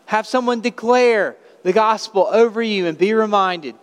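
A man's voice: high-pitched, moderate pace, clean tone. A man preaching a sermon as pastor, earnest and emphatic, asking his congregation rhetorical questions. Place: church sanctuary. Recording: long hall reverb in a church.

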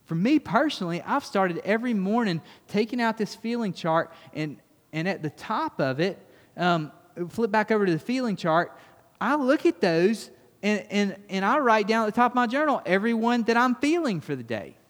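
A pastor giving a conversational sermon that turns emphatic, then closes in quiet prayer. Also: male voice, high voice, very animated, normal speed. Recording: long reverb of a church hall.

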